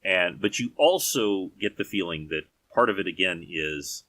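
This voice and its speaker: A man's voice: low-pitched, normal speed, fairly bright tone, no room sound. A man narrating as game master of a tabletop game, descriptive, with frequent fillers and restarts.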